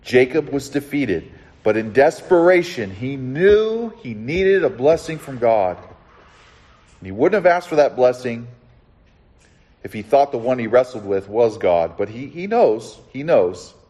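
Man as pastor, mid-pitched voice, earnest sermon delivery, soft hushes and rising emphasis. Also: sing-song, unhurried. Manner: earnest, drops to a soft hush then rises with emphasis; asks the listeners direct questions.

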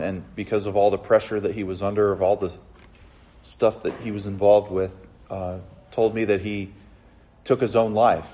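A middle-aged man preaching a sermon, sharing his own testimony in an earnest storytelling way and slowing down to stress key lines. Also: fairly low pitch, darkish tone. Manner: earnest, storytelling, builds to emphatic slow lines. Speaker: pastor.

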